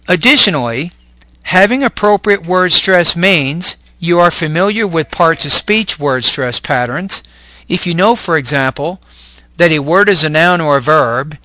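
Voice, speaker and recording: A man teaching English word stress in clear, deliberate scripted narration. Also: on the high side, pushed and bright, no echo.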